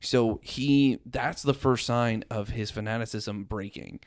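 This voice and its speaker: A man in a casual film chat, animated and swearing as he acts out his reactions. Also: medium pitch, a little slow, no room sound, studio quality. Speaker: film reviewer.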